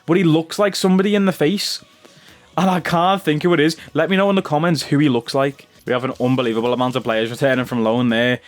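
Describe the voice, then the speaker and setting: A man's voice: fairly high pitch, steady tone, fast. A young man giving casual, chatty commentary over a football management game, calling his viewers "bro". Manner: chatty, says "bro" a lot. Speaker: gaming YouTuber.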